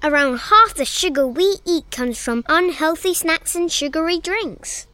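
A cheeky little snack monster bounces through a radio ad, voiced by a woman. The voice is high and sparkling bright, recorded close and dry. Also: measured pace, dry recording, full character voice. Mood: playful. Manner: bright, playful, childlike. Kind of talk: scripted radio ad.

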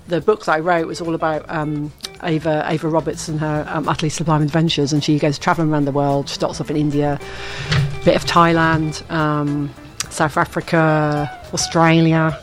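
A woman from the UK, an author being interviewed, talking in a chatty, rambling way with frequent laughs. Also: sits low. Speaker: author guest. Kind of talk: casual interview chat.

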